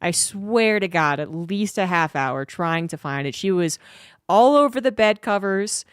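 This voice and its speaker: A woman's voice: mid-range voice, expressive, measured pace, smooth, no echo, clean studio sound. A woman streamer in a casual livestream chat, telling a rambling, cursing story.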